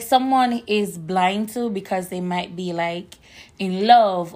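A woman co-hosting a podcast in casual chat, her voice hoarse from shouting, telling stories with lots of fillers. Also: lowish voice. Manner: chatty, animated storyteller with frequent fillers. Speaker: podcast co-host.

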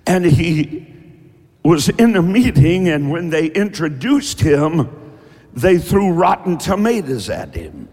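A man preaching a sermon, emphatic and folksy, often breaking into shouts. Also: a little high, sing-song, slow pace, long reverb tail. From rural American South. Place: church.

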